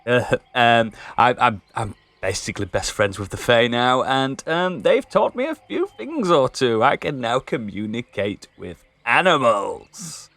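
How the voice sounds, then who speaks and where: A man playing a prim, fussy male adventurer with a giggly, lively manner. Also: mid-range voice, a little slow, few pauses, dry recording. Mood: cheery.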